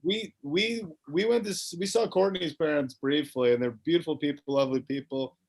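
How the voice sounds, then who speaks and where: A man's voice: a little high, a little fast. A man co-hosting a comedy chat, rambling through stories with lots of swearing and laughter. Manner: rambling storyteller, swears freely, laughs along. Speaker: comedian and co-host.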